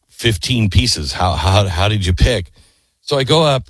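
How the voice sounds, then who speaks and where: Husky, emphatic male radio host. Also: lowish voice, no room sound. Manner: animated, emphatic, with mock-incredulous asides. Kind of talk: casual storytelling and ad reads.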